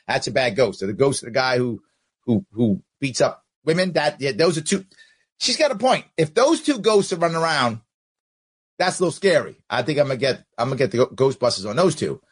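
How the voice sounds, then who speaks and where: A husky-voiced man talks back at a recorded speech with biting sarcasm. His pitch jumps around a lot, swinging from high mocking tones down to low muttered asides. He sounds like a political commentator picking apart every sentence. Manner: sarcastic, argues back at the clip. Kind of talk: mocking commentary over a clip.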